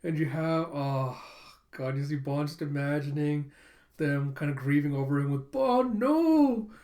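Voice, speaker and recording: A streamer recapping comic chapters live, animated and laughing, with spoken sound effects. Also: mid-range voice, normal speed.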